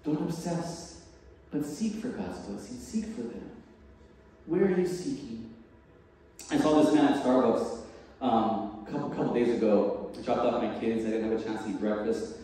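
Pastor guy preaching, acts out the voices, laughs a lot, mellow tone, sounds far off in a big echoey church. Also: mid-range voice, normal speed. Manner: animated, acts out dialogue, laughs often. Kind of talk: sermon with personal story. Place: church sanctuary. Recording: distant mic in a large echoey hall.

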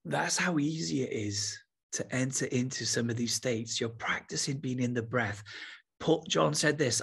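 A man teaching with enthusiasm, then slowing to a soft, unhurried pace to lead a guided meditation. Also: medium pitch, creaky, husky. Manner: enthusiastic, then slow and soft when guiding. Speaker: spiritual teacher.

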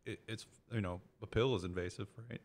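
A man's voice: fairly low pitch, fairly even intonation, a little fast, a little mellow. A man speaking candidly and matter-of-factly in a casual podcast chat.

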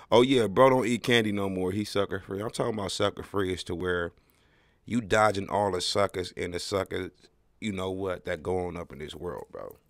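A man's voice: low voice, fairly bright tone, no echo. A man hosting his own podcast, talking in a slangy, rambling solo monologue with wry, emphatic storytelling. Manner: slangy, rambling, keeps tagging "bro". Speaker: podcast host.

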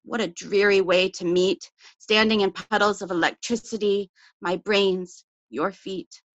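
A woman reads her poem aloud in a measured, intimate voice, letting phrases fall away softly. The sound is muffled and lo-fi, as on an online call, and dry with no room around it. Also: medium pitch, fairly even intonation, no room sound. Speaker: poet. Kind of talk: poetry reading.

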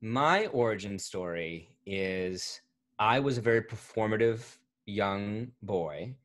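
A man in his thirties talking casually as an interview guest, rambling and correcting himself, getting animated when he tells a story. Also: on the low side, slow pace. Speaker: voice actor guest. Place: home recording setup, remote interview.

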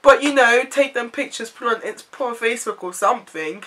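A young woman, from an Ivorian family, telling a story to camera in a chatty, animated way full of "like"s. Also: on the high side, fairly quick. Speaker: vlogger.

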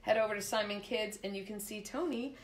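A woman co-hosting a live stream, upbeat and teasing, dropping in quick remarks. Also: mid-range voice. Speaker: co-host. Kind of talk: casual live-stream chat.

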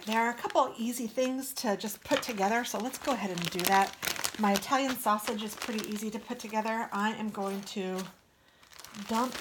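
Woman cooking vlogger, mid pitch, casual chat over loud kitchen noise. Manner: chatty, talks to viewers while cooking, hums. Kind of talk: casual cooking vlog narration. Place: home kitchen.

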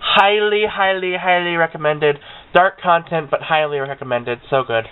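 A man's voice: on the high side, normal speed, a little hiss or hum. Gushing young man in a tinny recording. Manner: chatty and gushing, with self-mocking asides. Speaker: book vlogger. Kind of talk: casual chat. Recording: tinny lo-fi webcam audio.

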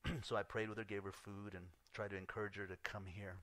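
A man's voice: lowish voice, little pitch movement, quick pace, fairly bright tone, no echo. Man, pastor, sermon, storytelling, acts out dialogue, laughs often, dry recording.

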